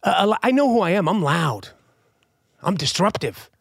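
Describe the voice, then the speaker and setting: A middle-aged man ranting loudly and profanely, switching between yelling and muttering, like a comedian talking straight to camera. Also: high voice, measured pace, creaky, slightly rough, no room sound, studio quality. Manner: animated, loud, profane, swings between shouting and muttering. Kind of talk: profane comic rant.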